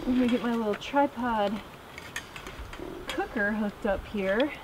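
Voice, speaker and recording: A woman's voice: a little high, a little slow, noisy background. A woman chatting casually as she vlogs from her off-grid tent camp in the woods, often talking fondly to her dog. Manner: chatty, talks to her dog in a soft fond voice. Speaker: vlogger. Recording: background music over the voice.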